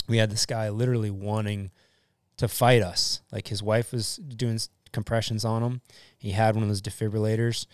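A man's voice: lowish voice, no room sound, clean studio sound. A young adult man, a firefighter and EMT, telling stories casually on a podcast, swearing freely and acting out what people said. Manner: profane, animated, acts out quotes.

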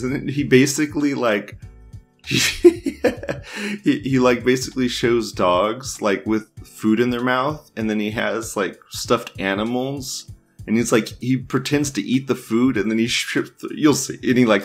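With a mid-range voice, a man runs an online news show, reading forum posts aloud in a relaxed way. He riffs on them crudely and at length, laughing often and frequently beginning his sentences again.

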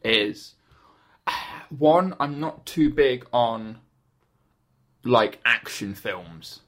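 Hesitant podcast co-host, rambling talker, plain mid-pitch voice. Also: male voice, lively intonation, very slow, a bit bright. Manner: rambling, hesitant, lots of fillers. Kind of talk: casual chat.

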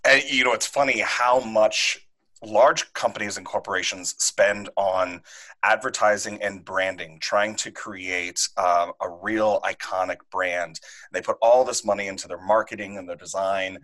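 A man hosting an interview, asking his guest thoughtful, measured questions. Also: on the low side, steady tone, bright, forceful tone, poor audio. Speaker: podcast host. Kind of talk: interview host.

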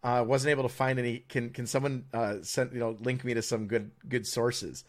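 A man's voice: mid-range voice, flat delivery, normal speed. An American man co-hosting a podcast, chatting in a rambling, sardonic way with lots of stammered restarts. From United States. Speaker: podcast co-host. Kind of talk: casual opinionated chat.

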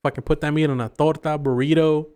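A young man co-hosting a podcast in casual chat, teasing his friend and cursing through lively talk about food. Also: fairly high pitch, quick pace. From Mexican-American. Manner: profane, teasing, relishes describing food. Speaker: podcast co-host.

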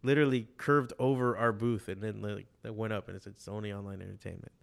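A man in casual conversation, telling animated stories with a lot of swearing and acting out what other people said. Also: lowish voice, fast talker, vocal fry. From Miami, USA. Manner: animated storytelling, heavy swearing, quotes others in voices. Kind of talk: casual chat.

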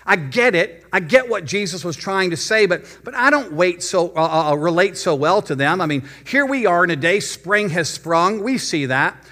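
A middle-aged man, preaching a sermon as pastor and telling a story from his youth, slowing down to stress his points. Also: high-pitched, lively intonation, pushed and bright. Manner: storytelling, slows down for emphasis. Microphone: addressing remote viewers.

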